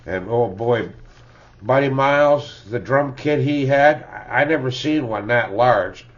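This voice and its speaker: A man's voice: medium pitch, unhurried. Older man rambling about records. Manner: rambling, chuckling, tags lines with "eh?". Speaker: music collector vlogger. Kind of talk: casual reminiscing about records. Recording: dull lo-fi home recording.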